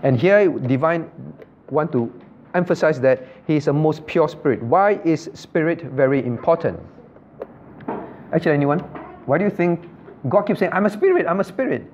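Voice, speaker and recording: A man's voice: moderate pace, long pauses, a little mellow. A male pastor, teaching an interactive Bible class, repeating points and asking his listeners questions. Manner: repetitive, asks the class questions, loose non-native grammar. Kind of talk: interactive Bible study lecture. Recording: dull low-fidelity room recording with faint background noise.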